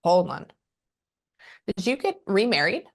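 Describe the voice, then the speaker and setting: A woman spiritual medium giving a casual reading, chatty and halting, trailing off and swearing now and then. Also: mid-range voice, big pitch swings, vocal fry.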